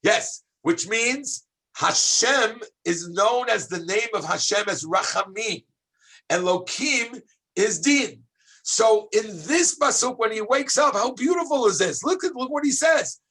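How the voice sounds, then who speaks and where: A man, a rabbi, teaching a high school class in an animated, exclamatory way, calling on students by name and shouting at times for emphasis. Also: measured pace, slightly rough. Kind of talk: lively classroom lesson.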